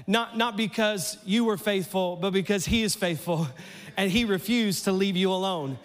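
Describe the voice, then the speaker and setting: A man preaching a sermon in a church, playful and animated, his voice climbing almost to a shout as he acts out lines. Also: high voice, normal speed, in a large hall. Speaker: pastor.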